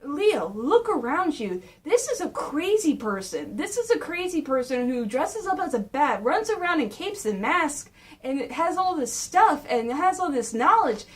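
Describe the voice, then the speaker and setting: A woman's voice: sits high, very animated, moderate pace, far from the mic. A woman doing a hotheaded, grumbling turtle. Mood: ranting. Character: hotheaded young male turtle, suspicious and blunt.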